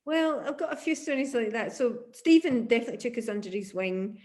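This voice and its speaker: A Scottish woman in her fifties, a musician looking back on her life in an oral history interview, telling lively stories and laughing often. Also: fairly high pitch, brisk, slight background noise. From Glasgow, Scotland. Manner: animated storyteller, laughs often.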